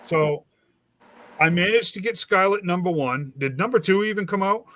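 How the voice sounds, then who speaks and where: Bright-voiced man telling a rambling story. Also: high-pitched, normal speed. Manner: rambling, animated, acts out quoted dialogue. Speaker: host. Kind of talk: casual storytelling chat.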